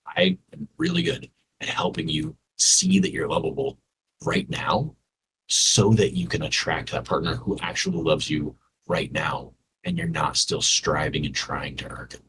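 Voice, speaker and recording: A man's voice: very deep voice, expressive, a little slow, vocal fry, fairly bright tone, slight background noise, low-quality recording. A man co-hosting a podcast, talking earnestly and directly to listeners in a heartfelt conversation. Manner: earnest, speaks straight to listeners. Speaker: podcast co-host.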